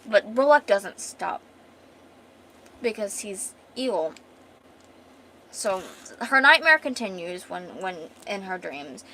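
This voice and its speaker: Chatty woman streamer with a bright voice. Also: mid-range voice, animated, slow, pauses often, a little hiss or hum. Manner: chatty, retelling with many fillers and restarts. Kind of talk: casual chat while reading a comic aloud.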